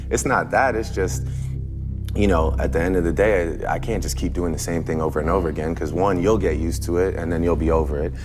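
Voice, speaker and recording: A man's voice: deep voice, steady tone, brisk, over music. A man speaking in an interview, talking hesitantly with many fillers and restarts. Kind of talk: casual interview talk.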